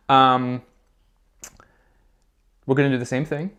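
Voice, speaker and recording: A man at a middle pitch, teaching recorder to young children in a lesson video. He walks through each step patiently and keeps encouraging the kids. He checks in with a quick "okay?" every few phrases. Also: lo-fi sound. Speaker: music teacher.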